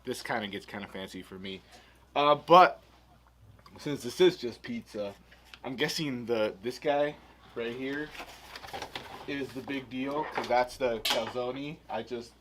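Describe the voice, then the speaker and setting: A man's voice: medium pitch, unhurried, pauses often, noisy background. A man giving a casual, rambling food review while he eats. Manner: rambling, chatty while eating.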